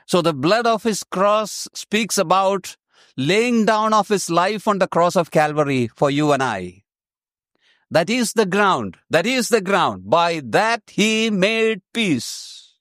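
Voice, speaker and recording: A man with a high voice delivers a sermon at an unhurried pace. He leans on emphasis and repeats his main phrases. The sound is close and dry. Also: fairly bright tone, dry recording. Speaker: preacher.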